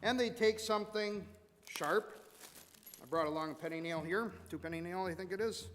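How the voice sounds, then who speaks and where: Pastor preaching in a reverberant church. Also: male voice, high voice, normal speed. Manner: conversational preaching with repetitions and sudden loud emphasis. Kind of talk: sermon. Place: church sanctuary.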